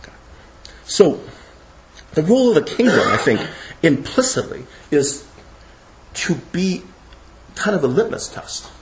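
A man teaching a class, his delivery animated and full of false starts and repeated words. He chuckles now and then as he makes his points. A faint hiss sits behind his voice. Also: on the high side. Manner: animated, halting with frequent restarts; chuckles while explaining. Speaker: lecturer. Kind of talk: classroom lecture.

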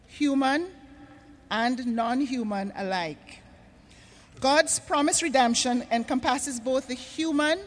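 A woman from Trinidad and Tobago gives an earnest stage address to a huge arena crowd, slowing down to stress key words. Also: sits high. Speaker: conference speaker. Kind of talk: stage address on faith and creation care. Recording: long reverb of a large arena.

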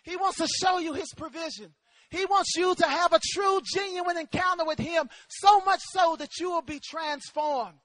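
A man's voice: very high-pitched, moderate pace, a bit bright, dry recording. A man preaching a sermon, telling a personal story with emphasis and calling out amen to the congregation.

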